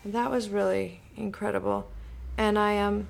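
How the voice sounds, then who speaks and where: A woman's voice: medium pitch, fairly even intonation, moderate pace, vocal fry. A woman actor and director, reflecting in conversation and acting out remembered dialogue with animation.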